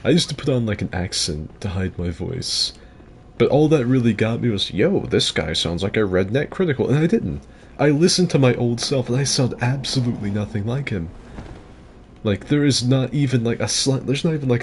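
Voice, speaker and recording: Over slight background noise, this gaming streamer speaks in a mid-range, somewhat mellow voice at normal speed. He meanders through commentary on his own play, using lots of filler words and the occasional curse.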